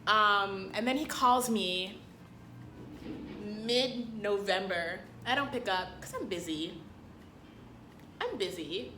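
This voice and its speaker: A young woman telling a storytime vlog in a sassy, dramatic way, with sudden loud outbursts. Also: mid-range voice, takes it slowly, long pauses, slight background noise. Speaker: vlogger. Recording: echoey room.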